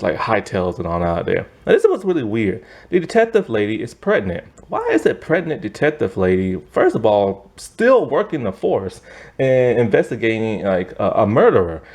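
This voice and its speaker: A man's voice: medium pitch, a little mellow. A man recapping a TV series in a casual, rambling way, correcting himself often and acting out the characters' lines. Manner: rambling, self-correcting, acts out quotes with "he's all like". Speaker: TV series reviewer.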